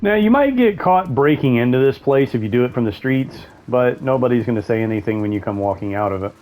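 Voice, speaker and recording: A man talks through his gameplay in a casual, rambling way, thinking out loud and correcting himself mid-sentence. His voice sits at a middling pitch. It is an unpolished, everyday commentary. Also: lively intonation, fast. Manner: rambling, thinks aloud with fillers and self-corrections. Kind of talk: casual let's-play commentary.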